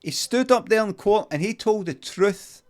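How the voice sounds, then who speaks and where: A man with a Scottish accent improvising a comic story in a deadpan, rambling, sweary way. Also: high voice, moderate pace. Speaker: comedian streamer.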